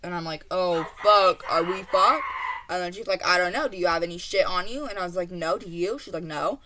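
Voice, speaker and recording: Teen girl, slightly low voice, casual storytime vlog, rambling and foul-mouthed. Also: fast talker, heavy background noise. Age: teens. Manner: profane, rambling, full of fillers and asides. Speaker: vlogger telling a story.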